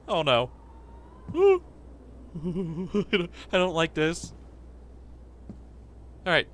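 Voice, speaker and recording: A young man hosting a let's play of a horror game, excitable and jumpy, yelping and chattering to viewers. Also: on the high side, takes it slowly, pauses often, slight background noise. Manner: excitable, jumpy, laughs and yelps often. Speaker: gaming channel host.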